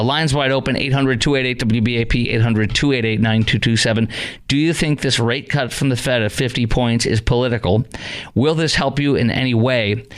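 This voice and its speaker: A man's voice: mid-range voice, a bit bright, smooth. A man hosting a talk radio show, delivering a sarcastic, mocking monologue in a conversational way. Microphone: studio microphone.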